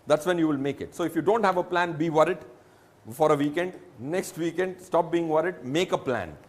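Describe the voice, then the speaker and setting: Speaking briskly in a voice on the higher side, a man with an Indian English accent, a financial advisor, lays out personal finance with emphasis and examples in a reassuring public talk.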